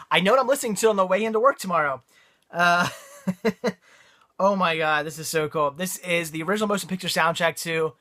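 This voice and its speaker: Young male vlogger, bright and eager, rambling unboxing chat full of restarts. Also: a little high. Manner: excited, rambling, frequent laughs and restarts.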